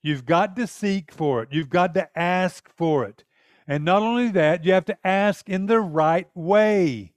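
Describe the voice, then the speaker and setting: A man's voice: high-pitched, a little slow, dry recording. A man preaching a sermon in an earnest, emphatic way, often acting out prayers.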